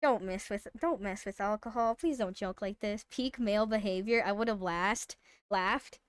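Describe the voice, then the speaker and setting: A woman streamer telling a story in casual live-stream chat, animated and swearing freely. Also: mid-range voice, moderate pace, clear, resonant tone, no echo.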